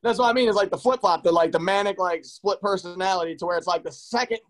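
A man's voice: sits high, quick pace, a bit bright, rough recording. A man hosting a casual chat, eagerly chiming in and agreeing. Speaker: podcast host.

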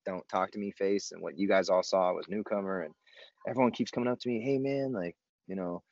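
Deep-voiced man telling a story, laid-back. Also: fairly quick, a little mellow, no room sound, lo-fi sound. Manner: laid-back, slangy, self-mocking humor. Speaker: guest telling his recovery story. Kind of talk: casual storytelling chat.

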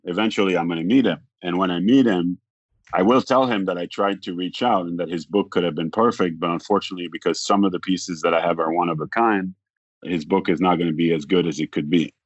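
A man talking as a podcast guest, telling a long story in a rambling way, acting out the other people's lines and filling pauses with "like". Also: sits low, fairly even intonation, dry recording, muffled recording. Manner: rambling, acts out quoted dialogue, frequent "like". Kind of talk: casual storytelling.

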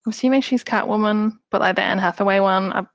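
A chatty woman host recapping a movie plot with wry asides, slipping into the characters' lines as she goes. Her voice is mid-pitched and recorded dry and close. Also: steady tone, fast, no echo, rough recording. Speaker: podcast host reviewing a film. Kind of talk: casual chat.

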